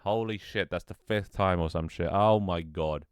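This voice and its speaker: A man with a very deep, low voice mutters and thinks aloud while he builds a game level on stream. He swears freely, banters with his chat, and his voice sometimes cracks. The sound is dry and close, with no room echo. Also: moderate pace, clean tone. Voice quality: voice cracks at times. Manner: mutters to himself, swears often, jokes with chat.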